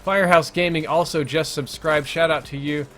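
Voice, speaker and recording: A man hosts a live game stream in a relaxed, running commentary, his voice sitting a little above the usual male pitch. He reads out viewer messages between plays and drops dry, joking remarks along the way. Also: normal speed. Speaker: gaming livestream host. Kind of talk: casual live gameplay commentary.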